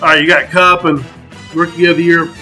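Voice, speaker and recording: A man's voice: a little high, flat delivery, a little fast, pushed and bright, faint music behind, low-quality recording. A man co-hosting a casual football betting chat, stating percentages and making emphatic picks. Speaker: podcast co-host.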